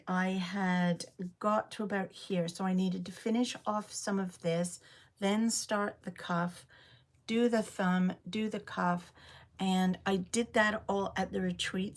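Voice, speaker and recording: A woman hosting a casual livestream from home, chatting in a rambling way with many ums while showing her knitting. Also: medium pitch. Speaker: livestream host. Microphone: phone.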